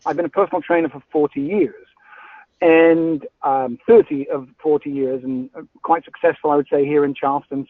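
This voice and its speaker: An older man in a coaching webinar speaks earnestly in a fairly high voice and keeps stopping and restarting his sentences. His voice comes through a dry, tinny, phone-like line. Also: no echo. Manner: halting, many restarts, earnest. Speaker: personal trainer and coach. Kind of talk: webinar discussion.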